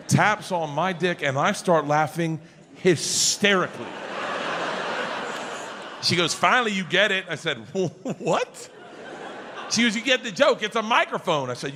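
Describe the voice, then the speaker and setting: A man doing a stand-up comedy set on a stage, telling a story loudly, shouting punchlines and acting out the other voices. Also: fairly high pitch, big pitch swings, measured pace, long pauses, noisy background. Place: comedy stage before a live audience. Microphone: handheld stage mic.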